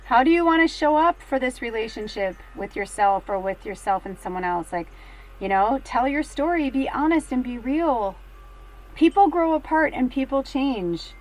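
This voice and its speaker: A middle-aged woman reading tarot cards in a casual, rambling chat, full of fillers, swinging between hushed and excited. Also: high voice, normal speed, low-quality recording. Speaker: tarot card reader.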